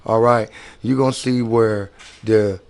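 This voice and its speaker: A man's voice: fairly low pitch, fairly even intonation, a little slow, darkish tone. A man giving casual ranting commentary on videos, emphatic and slangy, often repeating and restarting his words.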